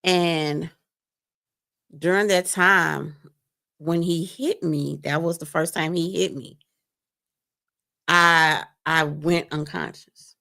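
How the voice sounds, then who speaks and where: A woman telling a painful personal story on a live stream, animated and speaking straight to her listeners. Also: deep voice, slow, creaky, pauses often. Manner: animated, acts out quoted voices, addresses listeners as "you all". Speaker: guest sharing a testimony. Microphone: remote stream mic.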